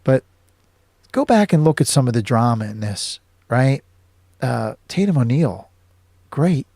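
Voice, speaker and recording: A man's voice: medium pitch, a little mellow, no room sound. Rambling man recapping a film. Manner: rambling recap with many fillers and self-corrections. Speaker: host. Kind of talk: casual film commentary.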